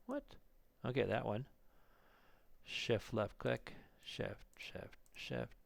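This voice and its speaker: A man teaching 3D modelling in a screen-recorded tutorial, thinking aloud, counting clicks under his breath and getting excited at the results. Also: mid-range voice, slow pace, vocal fry, dry recording. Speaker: 3D modelling instructor.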